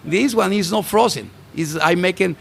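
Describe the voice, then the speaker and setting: Chef from Mexico, gravelly voice, halting English, interviewed outdoors on a rooftop. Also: male voice, sits high, fairly bright tone, slight background noise. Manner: halting, broken English with restarts. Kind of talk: casual interview. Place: restaurant rooftop bar, outdoors.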